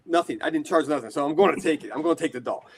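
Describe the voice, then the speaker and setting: A man in his forties from the United States, telling rambling, animated stories as a guest in a casual interview. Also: on the high side, rapid-fire. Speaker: guest, horror shop owner.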